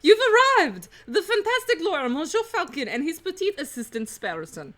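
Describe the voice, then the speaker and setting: A spoiled young cat aristocrat from a video game, gushing in a high, bright, fluttering voice, with a woman putting her on. She flits up and down and sounds pleased with herself. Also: very animated, normal speed, full character voice. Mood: flighty.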